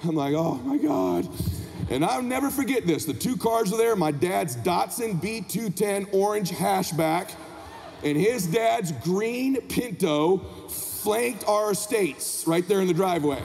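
A man telling a story onstage at a convention, animated and emphatic, acting out the people in it. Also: sits high, a little slow, vocal fry, faint music behind. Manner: animated, emphatic, acts out characters. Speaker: motivational speaker. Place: large convention hall. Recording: hall reverb with faint ambience.

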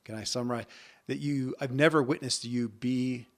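A man's voice: mid-range voice, steady tone, normal speed. A man in his forties hosting a podcast, talking in an earnest, conversational way with frequent restarts. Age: 40s. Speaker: podcast host. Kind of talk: podcast monologue and interview.

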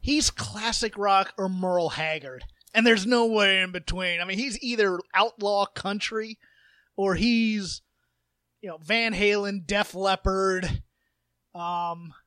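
Podcast co-host, male, high and bright, rambling storyteller, dry close mic. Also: slow pace, dry recording. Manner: rambling, animated storytelling with impressions. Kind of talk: casual chat.

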